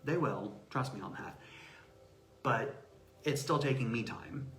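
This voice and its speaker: A man speaking as an interview guest about self-advocacy, telling stories with lively acted-out quotes. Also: medium pitch, unhurried. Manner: animated storyteller acting out quoted voices. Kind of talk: casual interview talk. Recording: roomy echo.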